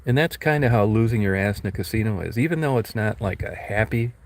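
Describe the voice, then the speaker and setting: A man's voice: on the low side, lively intonation, fast talker. A man talking casually and bluntly, rambling through stories and acting out quotes, with some swearing. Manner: blunt, profane storytelling with acted quotes.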